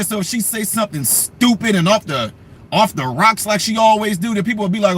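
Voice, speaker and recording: A man's voice: high-pitched, fairly quick, a bit bright, breathy edge. A man giving political commentary on his vlog, talking straight to his viewers in an emphatic, ranting way.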